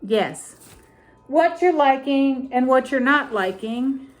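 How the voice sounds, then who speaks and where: A middle-aged woman hosting a crafting vlog, talking casually and deliberately as she shows ribbons and ornaments, often repeating her phrases. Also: sits high, expressive, faint music behind. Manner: slow, deliberate, repeats phrases while showing items. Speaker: crafting vlogger.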